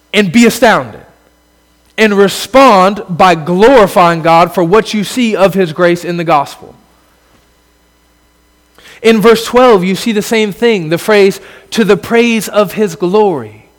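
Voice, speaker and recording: A pastor preaches in an earnest sermon voice that swells into emphatic exclamations and then sinks low. His voice sits high for a man. A long reverb hangs after every phrase, as in a large church hall.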